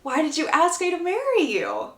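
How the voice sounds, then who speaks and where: A woman voicing an impulsive, teasing young gentleman in an offhand, casual way, from a book recap. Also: very high voice, huge pitch swings, normal speed, roomy sound, pitched above the performer's own voice, exaggerated voice.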